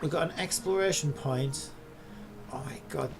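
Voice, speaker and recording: A man's voice: a little high, moderate pace, vocal fry. A man streaming a game live, casually commenting, swearing and grumbling to himself as he plays.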